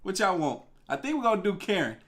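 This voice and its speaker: A young man hosting a live reaction stream, talking in a relaxed, slangy way to his viewers. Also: high voice, fast. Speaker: livestream reaction host. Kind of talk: casual live-stream chat.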